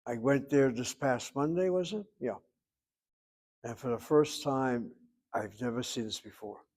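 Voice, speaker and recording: A man's voice: medium pitch, a little slow, a little mellow. A man teaching a Hebrew grammar class, explaining at length with wry asides and calling on students by name. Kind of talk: online class lecture.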